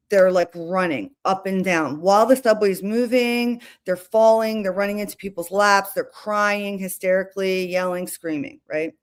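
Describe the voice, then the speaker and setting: A woman hosting a casual livestream, talking in a chatty, rambling way with restarts and asides. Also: on the low side. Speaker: livestream host.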